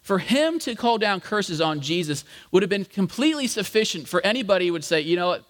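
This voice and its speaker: A man's voice: high-pitched, lively intonation, fairly quick. A man preaching a sermon in a conversational, explanatory way, with frequent fillers. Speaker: pastor. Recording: long hall reverb.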